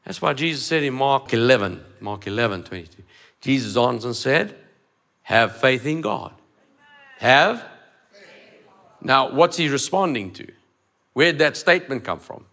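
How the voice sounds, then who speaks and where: A man's voice: mid-range voice, lively intonation, moderate pace, a bit bright. A man preaching a sermon, emphatic, repeating phrases and acting out dialogue. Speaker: pastor.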